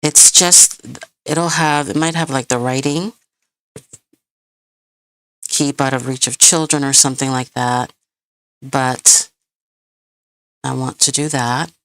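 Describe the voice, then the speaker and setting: A woman's voice: very deep voice, fairly even intonation, slow pace, long pauses, fairly bright tone, no room sound. A woman hosting a live craft tutorial, chatting with viewers as she works, rambling and hunting for words. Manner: chatty, rambling, hunts for words, laughs often. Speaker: crafting channel host.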